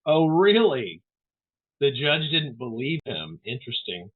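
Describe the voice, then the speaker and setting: A man's voice: mid-range voice, sing-song, a little slow. Man host on tinny call audio. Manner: brief reactive comments, hesitant. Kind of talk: interview talk.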